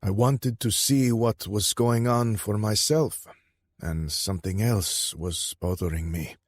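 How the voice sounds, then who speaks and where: A man voicing a calm, sly half-brother. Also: fairly low pitch, slow, no echo, clean studio sound, voice pushed up. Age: 30s.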